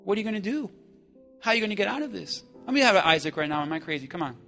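Male pastor, high and bright, dynamic sermon delivery with crowd call-and-response, soft music bed. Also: rapid-fire, vocal fry. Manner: energetic preaching, call-and-response with congregation, shifts from hushed to shouting.

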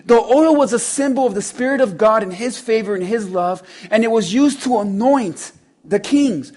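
A man preaching a sermon, speaking to the congregation conversationally and building from quiet asides to loud, urgent passages. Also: very high voice. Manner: conversational, quotes scripture in voices.

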